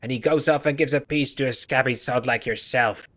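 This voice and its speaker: A man voicing a filthy, suspicious and hot-tempered male trader in a gruff, blustering way for a game. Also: mid-range voice, fairly even intonation, brisk, a bit bright, natural voice. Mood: angry.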